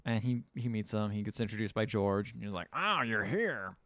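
A man co-hosting a podcast, chatting casually and recapping a film as an animated storyteller who swears freely. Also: lowish voice, quick pace, no room sound. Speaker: podcast co-host.

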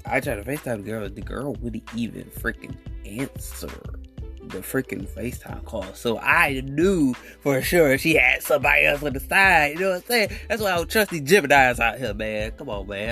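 A young man hosting a podcast, telling a rambling, animated story in casual slang and acting out what people said. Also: medium pitch. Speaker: podcast host.

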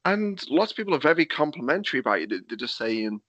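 A man's voice: on the high side, sing-song, fast talker, fairly bright tone, no room sound. A man hosting a podcast, chatting casually and swearing freely over a video call. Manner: sweary, laid-back storytelling. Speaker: podcast host and wrestling promoter. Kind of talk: casual chat. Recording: muffled Skype call audio.

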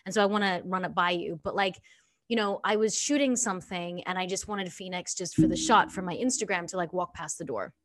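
A woman's voice: on the low side, fairly quick, dry recording. A woman, hosting a podcast and chatting casually, peppered with "like". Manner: chatty, lots of "like", acts out quotes. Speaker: podcast host.

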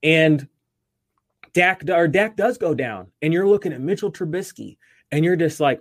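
A man's voice: fairly high pitch, normal speed, no room sound, studio quality. Rambling, talkative male podcast host. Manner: rambling, animated, lots of fillers and restarts. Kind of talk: casual podcast chat.

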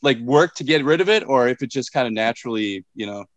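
Man, 40s, from Minnesota, casual podcast co-host, middle pitch, halting delivery, dry recording. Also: expressive, dry recording, lo-fi sound. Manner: halting, restarts often, curious questioning.

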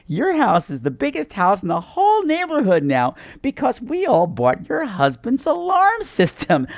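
A man's voice: high-pitched, no room sound, clean studio sound, heavily acted. A man voicing a manic suburban housewife neighbor who gushes with false sweetness. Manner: gushing, sugary, falsely sweet.

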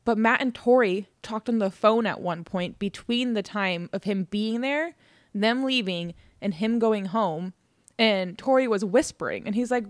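A woman's voice: mid-range voice, normal speed, no echo, clean studio sound. A woman co-hosting a podcast, telling a true crime story in casual, chatty talk, laughing often and swearing. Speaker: podcast co-host.

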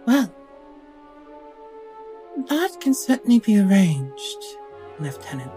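A woman's voice: medium pitch, big pitch swings, takes it slowly, mellow, soft background music. A woman voicing a poised, shrewd society hostess with a cool, dry manner.

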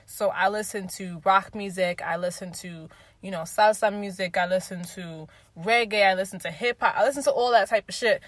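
A woman's voice: mid-range voice, a little fast, dry recording. A woman in her twenties speaking casually and candidly, swearing freely and acting out quoted remarks as she tells stories. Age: 20s. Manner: candid, profane, animated storytelling with quoted voices. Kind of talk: casual opinion talk.

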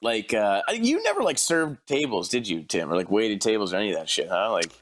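A man co-hosting a casual podcast, telling animated stories and laughing often. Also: on the low side, brisk. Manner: animated storyteller, laughs a lot. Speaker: podcast co-host.

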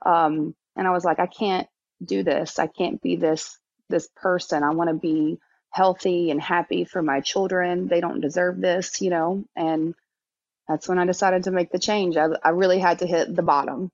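A woman in her thirties speaks in a candid interview conversation, her voice sitting a little low. She talks haltingly, full of fillers and restarts. The sound is dry and slightly dull, like remote call audio. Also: fairly even intonation, dry recording. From Texas. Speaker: podcast guest.

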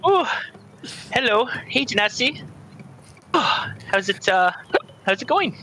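A tabletop player speaking in character, flustered and full of breathy exclamations. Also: mid-range voice, very animated, slow pace, pushed and bright, slight background noise, low-quality recording. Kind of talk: in-character tabletop role-play.

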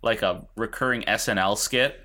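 A man's voice: fairly low pitch, moderate pace, pushed and bright. A man co-hosting a podcast, riffing in casual banter and rambling with fillers. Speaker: podcast co-host.

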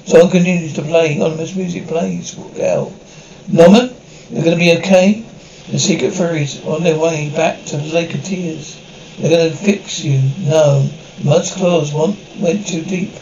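Man reading a script in one even voice. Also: fairly high pitch, normal speed, lo-fi sound, slight background noise. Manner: reads every part and cue in one even voice. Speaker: script reader. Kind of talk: reading a TV script aloud with its sound cues.

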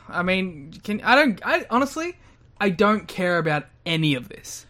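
Deadpan, laughing male podcast co-host. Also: sits high, a little slow. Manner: laughs often, teasing and deadpan. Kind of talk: casual podcast banter.

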